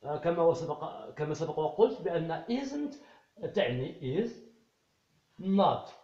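A man's voice: fairly high pitch, big pitch swings, fast, warm tone. A man teaching an English lesson, repeating phrases patiently and switching to Arabic to translate. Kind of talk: bilingual classroom lesson. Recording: roomy, slightly dull recording.

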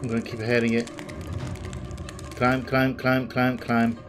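A man's voice: mid-range voice, completely flat delivery, measured pace. A man giving let's play commentary on a game, jumpy and swearing constantly as he talks to the game. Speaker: gaming video host. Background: game music.

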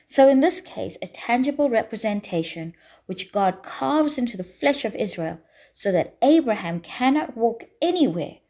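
Woman preaching a deliberate sermon. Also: a little high, expressive, mellow. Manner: deliberate, emphatic preaching with repeated phrases. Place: church.

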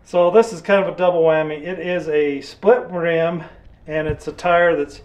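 A man's voice: a little high, fairly even intonation, moderate pace, a little mellow. Easygoing man in a garage. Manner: easygoing, practical, dry humor. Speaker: mechanic vlogger. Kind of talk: casual shop talk to camera. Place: garage and outdoor yard.

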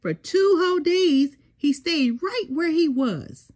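An older woman reading a children's storybook aloud, slow and sing-song with dramatic pauses and a softly breathy voice. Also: high-pitched, expressive. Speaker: storybook reader. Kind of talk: expressive children's read-aloud.

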